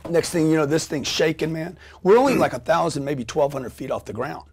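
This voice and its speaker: A middle-aged man telling a story as a guest on an interview show, animated and profane, acting out scenes with sound effects and quoted voices. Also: a little high, brisk, slightly rough.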